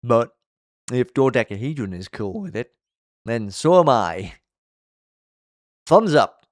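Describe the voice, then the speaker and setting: A man's voice: mid-range voice, takes it slowly. A man riffing his way through a cartoon recap, bouncy sing-song delivery that swoops up and down and makes fun of himself as he goes. he's close to the mic in a dead, dry room with no echo at all. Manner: jokey, animated, self-mocking. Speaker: video commentator. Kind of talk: playful commentary.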